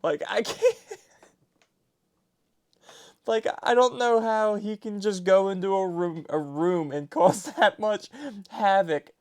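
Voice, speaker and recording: A man's voice: high voice, slow pace, a little mellow, clear, resonant tone. A man hosting a reaction video, talking through helpless laughter and near tears. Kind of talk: casual reaction commentary.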